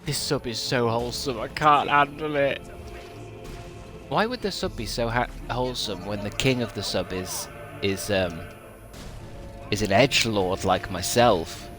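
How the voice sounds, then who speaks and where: A man's voice: mid-range voice, measured pace, fairly bright tone, faint music behind. A young man chatting on a game stream, rambling and self-mocking with a dry, sardonic edge and casual swearing.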